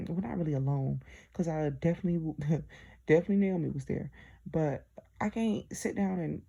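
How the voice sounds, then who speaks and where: A woman's voice: on the low side, a little fast, creaky, warm tone, slightly rough, highs cut off. A young woman telling her own story in a chatty way, talking straight to her listeners with lots of fillers. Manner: chatty, addresses listeners directly, many fillers. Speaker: diary vlogger. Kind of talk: casual personal storytelling.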